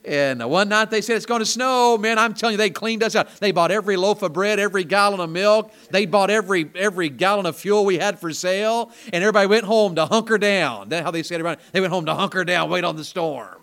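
A man's voice: high voice, fast, hardly any pauses. Southern man preaching with big swings. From Tennessee. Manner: storytelling, swinging from quiet asides to loud emphatic bursts. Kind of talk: sermon. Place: small church during a service.

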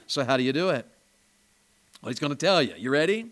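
A man's voice: fairly high pitch, big pitch swings, fast talker. Southern man preaching with big swings. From Tennessee. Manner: storytelling, swinging from quiet asides to loud emphatic bursts. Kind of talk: sermon. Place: small church during a service.

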